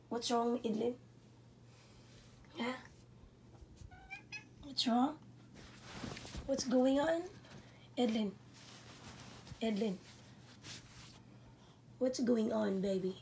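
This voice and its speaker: A woman vlogging at home with a hoarse voice, baby-talking and cooing to her dog and cat. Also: a little high, a little mellow, slight background noise. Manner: coos and baby-talks to her pets. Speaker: vlogger filming her pets. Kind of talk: casual pet-talk vlog. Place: at home indoors.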